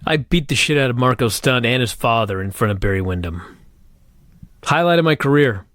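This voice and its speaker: A man's voice: mid-range voice, lively intonation, a little fast, fairly bright tone, no echo, studio quality. A man co-hosting a casual podcast and joking bluntly about his own wrestling matches, swearing freely. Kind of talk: casual review chat.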